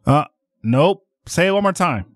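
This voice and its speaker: A man hosting a radio shopping call-in show, energetic and laughing often as he pushes deals to callers. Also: on the high side, a little slow, dry recording. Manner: energetic, laughs often, animated sales patter. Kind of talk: lively radio call-in selling. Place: radio studio.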